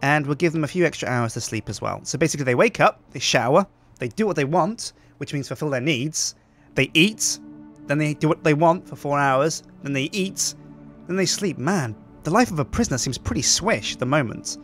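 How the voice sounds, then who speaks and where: A man's voice: fairly high pitch, animated, a little fast, fairly bright tone, faint music behind. A man hosting game commentary, chatty and upbeat, thinking aloud as he plays. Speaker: host.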